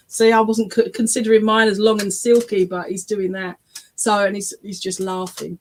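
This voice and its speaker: A woman's voice: medium pitch, little pitch movement, normal speed, darkish tone, slight background noise. A woman working as a spiritualist medium, giving an online reading over a video call in a chatty, emotional way that often breaks into laughter and tearful exclamations. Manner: chatty, checks in often with "okay?" and "all right?".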